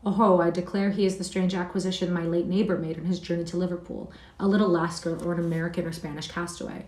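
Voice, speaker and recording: A woman's voice: fairly low pitch, little pitch movement, fast, darkish tone, lightly acted. A woman voicing a pompous old magistrate. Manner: pompous, indignant. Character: blustering old male magistrate. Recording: roomy sound from a distant mic.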